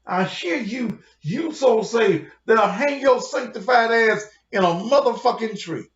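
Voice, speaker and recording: Cussing pastor guy going off, high voice, echoey muffled lo-fi audio. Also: lively intonation, measured pace. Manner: heated, confrontational, heavy cursing. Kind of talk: profane livestream rant. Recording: roomy, dull lo-fi sound.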